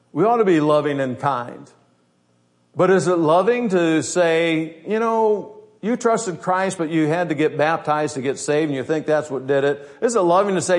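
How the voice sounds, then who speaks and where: A man preaching a sermon as pastor, blunt and emphatic, with many rhetorical questions. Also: on the high side.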